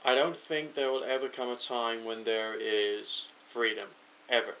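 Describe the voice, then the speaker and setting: A British vlogger thinks out loud to camera late at night, overtired and rambling, correcting himself as he goes. His mid-range voice is flat, a little slow and a bit bright. The recording is rough, with slight background noise.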